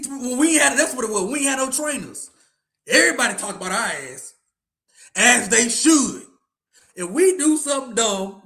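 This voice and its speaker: Animated high-voiced man ranting. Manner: animated, ranting, slangy, repeats himself. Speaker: podcast host. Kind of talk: casual sports podcast rant.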